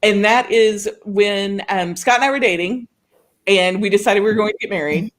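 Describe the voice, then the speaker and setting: A woman from Oklahoma co-hosting a show, telling a story in casual chat with an animated, laughing manner. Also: medium pitch, normal speed. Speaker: co-host of a writing show.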